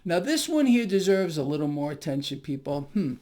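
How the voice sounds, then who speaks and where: A man's voice: a little high, very animated, fairly quick, a little mellow. A man giving solo financial commentary in a mocking, sarcastic tone, often breaking into exclamations.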